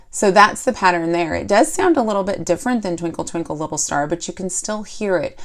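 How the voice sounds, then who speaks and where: A woman's voice: on the low side, lively intonation, fairly quick, few pauses. A woman teaching a poetry lesson for children, explaining step by step and asking the class questions.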